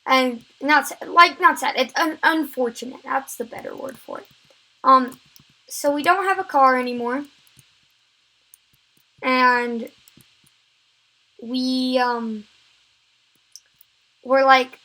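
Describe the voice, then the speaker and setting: High-voiced woman rambling through a story. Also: takes it slowly, pauses often, pushed and bright, low-quality recording. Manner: rambling storytelling, filler-heavy, frequent restarts. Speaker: vlogger. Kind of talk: story time vlog.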